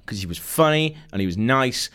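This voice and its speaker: A man's voice: medium pitch, animated, a little fast, fairly bright tone, clean tone. A man hosting a casual comedy podcast, laughing often as he rambles and reads out a script. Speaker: podcast host.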